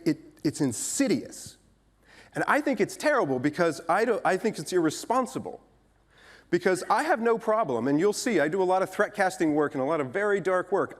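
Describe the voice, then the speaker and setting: A man giving a conference keynote as a futurist speaker, talking conversationally with playful asides to a live audience on stage. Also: high voice.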